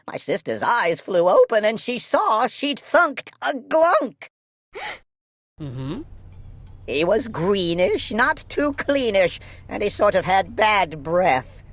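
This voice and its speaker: An older woman, a retired teacher, reading a rhyming children's story aloud in an expressive, animated way. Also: medium pitch, slow, no echo.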